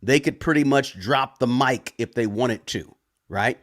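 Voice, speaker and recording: A man hosting a personal finance channel, answering viewer questions live in a loud, casual way and often ending points with a tag question. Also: medium pitch, a little slow. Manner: talks loud, tag questions, frequent restarts.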